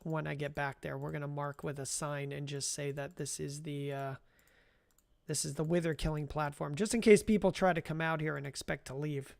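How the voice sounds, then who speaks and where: With a steady, creaky, slightly mellow medium-pitched voice at normal speed, this streamer runs through casual gameplay commentary in a dry, echo-free recording. Talking straight to chat and calling viewers by name, the streamer meanders, restarts often, and chuckles at their own remarks.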